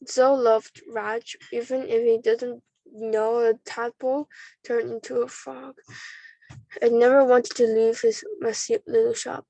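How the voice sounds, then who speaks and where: A woman reading a children's storybook aloud, slowly and carefully, often restarting a word. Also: fairly high pitch, level tone, gravelly, mellow, dry recording, rough recording. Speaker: storybook reader.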